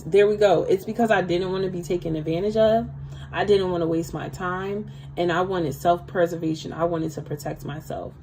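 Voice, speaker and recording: On a rough recording with a bit of hiss or hum, a tarot reader with a lowish, slightly mellow voice gives a relaxed livestream reading. She chats away, addressing viewers directly as "girl."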